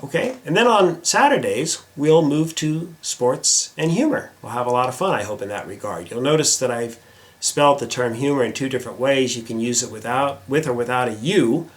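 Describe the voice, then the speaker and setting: A middle-aged American man hosts a casual vlog, talking directly to the camera. His mid-range voice is animated and moves at a moderate pace, and he's chatty and self-deprecating, using frequent filler words.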